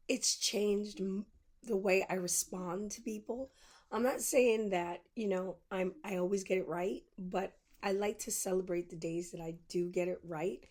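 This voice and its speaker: A woman's voice: fairly low pitch, a little mellow. A woman podcast host telling a personal story in a candid monologue, acting out both sides of the conversations she recounts.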